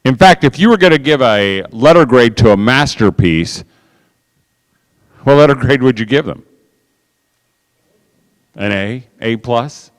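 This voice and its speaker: A man's voice: medium pitch, a little slow, long pauses, clear, resonant tone, long reverb tail. A man speaking to an audience as a conference speaker, telling stories and acting out other people's voices. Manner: animated, acts out quoted voices. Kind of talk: storytelling talk to an audience.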